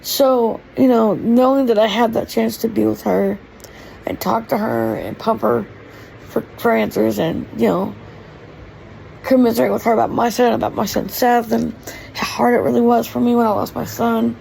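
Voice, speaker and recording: A woman's voice: a little high, moderate pace, creaky, a little mellow, slight background noise, poor audio. A woman talking in a heartfelt, tearful personal vlog, rambling with many fillers as she speaks from her kitchen. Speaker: vlogger. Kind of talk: emotional personal vlog monologue. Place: home kitchen.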